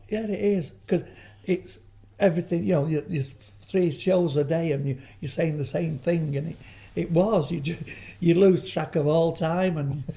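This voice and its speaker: A man's voice: on the high side, vocal fry, mellow. An older man, a guest in an interview, telling rambling stories full of restarts and asides. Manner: rambling storyteller, frequent restarts and trailing asides. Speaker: guest, veteran comedian. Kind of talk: anecdotal interview chat.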